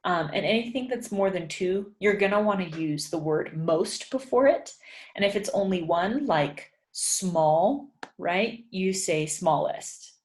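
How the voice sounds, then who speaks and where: Unhurried woman teaching English, echoey room. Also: lowish voice, expressive, a little mellow. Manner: thinks aloud with many ums, repeats sentences slowly for learners. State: yawning, sleepy. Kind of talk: casual spoken lesson, writing practice.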